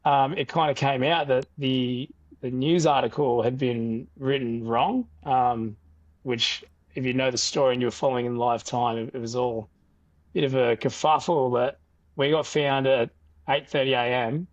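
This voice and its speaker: A young Australian man telling a story in a casual podcast interview, animated and loose with fillers and restarts. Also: medium pitch, normal speed, no echo, dull audio. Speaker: podcast guest.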